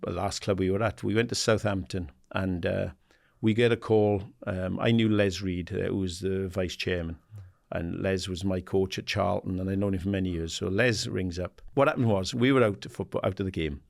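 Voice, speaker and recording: A man in his sixties from England, a guest in an interview, telling animated stories and acting out the dialogue. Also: deep voice, moderate pace, creaky, hardly any pauses. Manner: animated anecdotes, acts out quoted dialogue, laughs often; swears casually, says "mate". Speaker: guest, former footballer and assistant manager. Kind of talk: casual storytelling interview.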